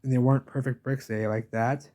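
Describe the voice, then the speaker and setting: A man's voice: mid-range voice, steady tone, fairly quick, warm tone. An insistent, ranting man speaks to the camera while walking through an old village outdoors. His casual vlog monologue circles back on itself, hammering the same points again and again. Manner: ranting, insistent, talks at the camera with repeated "baby". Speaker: vlogger filming a village walk.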